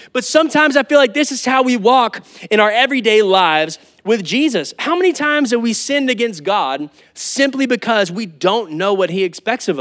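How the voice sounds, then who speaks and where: A man preaching a sermon as pastor, telling a lively story with asides. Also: high-pitched.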